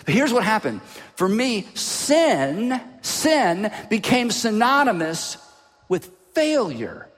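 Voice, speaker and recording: A man preaching a sermon as a pastor, telling a personal story in an animated way and dropping his voice low for asides. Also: slow. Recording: long hall reverb.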